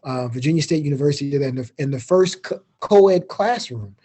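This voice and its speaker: A man's voice: on the high side, lively intonation, brisk, dark tone. A middle-aged man from Chicago, a university president giving a casual keynote over a video call with informal, joking asides. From Chicago, Illinois. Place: remote, speaking over a video meeting.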